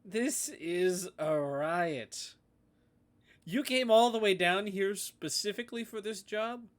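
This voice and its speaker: A man's voice: sits high, moderate pace, voice pushed up, close to an everyday voice. A man voicing a menacing male crime boss who mocks and sneers. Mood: mocking. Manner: sneering and sarcastic.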